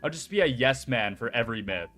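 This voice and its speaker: A young man chats casually on a live stream. He rambles and jokes, swears now and then, and speaks in a mid-range voice. Soft music plays faintly in the background. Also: mid-range voice, lively intonation, fast. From United States. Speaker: VTuber streamer. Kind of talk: casual chat.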